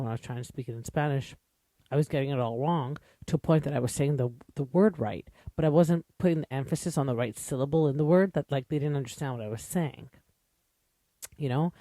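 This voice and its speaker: Chatty man with a mellow voice. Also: medium pitch, dry recording. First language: English. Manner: chatty, opinionated, lots of fillers and asides. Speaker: podcast host. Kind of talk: casual recap commentary.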